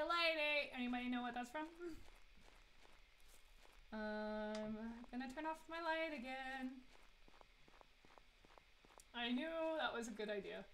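A woman's voice: high-pitched, a little hiss or hum, poor audio. A woman streaming a horror game live from her desk mic, chatty and giggly, talking to the characters on screen. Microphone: desk microphone.

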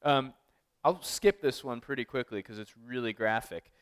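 A man giving a casual artist talk, telling animated, profane, wry stories to an audience, full of fillers. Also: mid-range voice, normal speed, clear, resonant tone. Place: art gallery talk.

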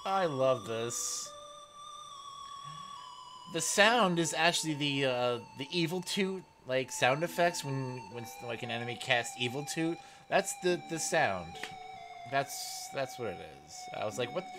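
A man commenting on a game as he plays, excitable, reading dialogue aloud and laughing often. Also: medium pitch, unhurried. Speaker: gaming let's player. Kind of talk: let's play commentary. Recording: faint game music behind.

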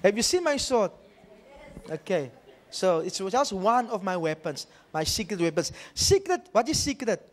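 A man's voice: high voice, big pitch swings, normal speed, some chatter behind. A male pastor preaching animatedly, repeating phrases and checking in with his congregation. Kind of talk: sermon.

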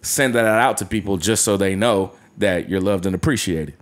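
A man's voice: low voice, moderate pace. A man co-hosting a podcast as a casual chat, earnest and open, mixing in jokes and casual swearing. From suburbs. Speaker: podcast co-host.

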